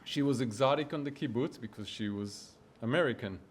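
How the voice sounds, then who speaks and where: A man speaking off the cuff at his mother's memorial, halting and hesitant. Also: medium pitch, slight background noise. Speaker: son of the deceased, eulogy speaker. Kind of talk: unprepared memorial remarks.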